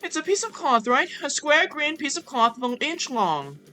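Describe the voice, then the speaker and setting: Game characters read aloud through a full mouth of banana, mumbled and chewy, as a woman streamer puts them on. The voice sits noticeably higher than her usual talk, bright and edgy in tone, with lively rises and falls. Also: normal speed, faint music behind, exaggerated voice. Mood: deadpan. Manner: mumbled, chewing through dialogue.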